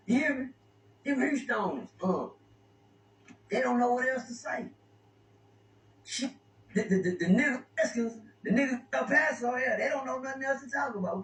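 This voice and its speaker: Brief: high-pitched man, stammering storyteller, recorded far off in a roomy space. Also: lively intonation, normal speed, pauses often, a bit bright. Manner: rambling, stammering with repeated words. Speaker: interview guest. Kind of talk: casual storytelling. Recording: echoey room, distant mic, faint noise.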